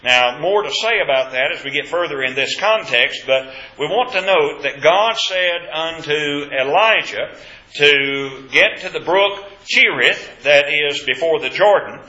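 A man's voice: fairly high pitch, lively intonation, a little slow, pushed and bright. A man teaching a Bible class, asking questions of the group and stressing key points with emphasis. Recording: echoey, dull room recording.

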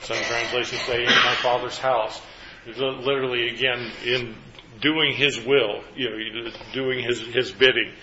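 A man's voice: mid-range voice, fairly even intonation, measured pace, pushed and bright, muffled recording. A man leading a group Bible study, asking the group questions and then recapping their answers.

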